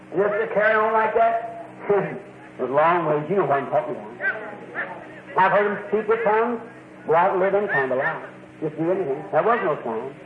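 High-voiced preacher on a tinny, echoey tape. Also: male voice. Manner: folksy, emphatic, keeps asking "See?". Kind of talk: sermon. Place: church.

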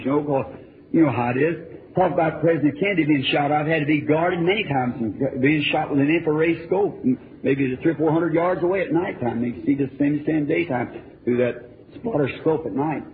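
A man preaches in an earnest, rambling, folksy manner, his voice sitting a little high. The recording is a tinny, narrow old tape with a faint hiss underneath. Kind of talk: storytelling sermon.

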